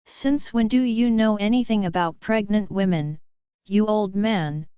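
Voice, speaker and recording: A woman's voice: mid-range voice, measured pace, clear, resonant tone, dry recording, highs cut off, close to an everyday voice. A woman voicing a furious, protective young male war god who speaks angrily. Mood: angry.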